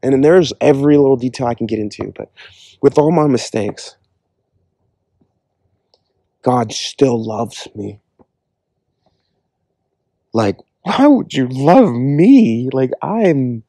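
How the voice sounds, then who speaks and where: A man's voice: medium pitch, gravelly, mellow, dry recording. A man giving an earnest, conversational personal testimony about faith, often using casual fillers. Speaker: Christian speaker giving a testimony.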